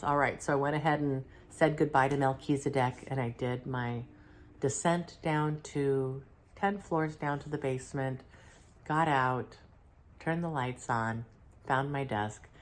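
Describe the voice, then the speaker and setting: A middle-aged woman, unwell, calmly recounting a spiritual channeling session in a halting, reflective way, clearing her throat now and then. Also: extremely low pitch, a little hiss or hum. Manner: halting and reflective, with many fillers and restarts. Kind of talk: casual first-person account.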